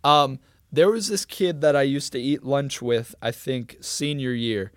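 A man's voice: mid-range voice, unhurried, dry recording, clean studio sound. A young man co-hosting a casual comedy podcast, cursing freely and acting out quotes as he tells stories. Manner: swearing, animated storyteller, acts out quotes. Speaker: podcast co-host.

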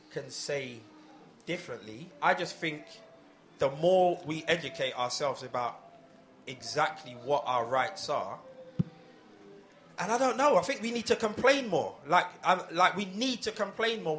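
Bright high-voiced man telling a story. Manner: animated storytelling, laughing often. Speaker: host. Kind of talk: casual panel discussion.

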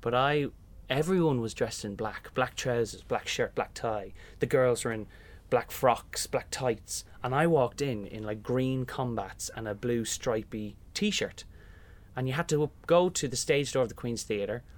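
Unhurried and mid-range, this young Irishman's voice carries stories through a casual interview. He works in musical theatre and brings his anecdotes to life by performing each character's voice.

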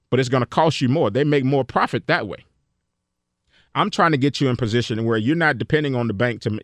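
A man's voice: mid-range voice, no echo, clean studio sound. A man hosting a podcast on personal finance, talking casually and earnestly, preaching and often repeating himself. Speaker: podcast host.

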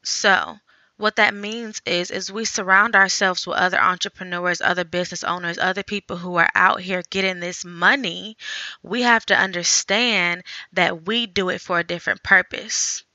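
A woman hosting a faith podcast, talking earnestly in a conversational way, thinking out loud. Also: on the low side, steady tone, moderate pace, no room sound, muffled recording. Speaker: podcast host.

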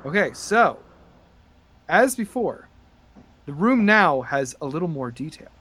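A man narrating and chatting as game master on a tabletop podcast, rambling with many fillers and getting excited. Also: on the high side, unhurried, husky.

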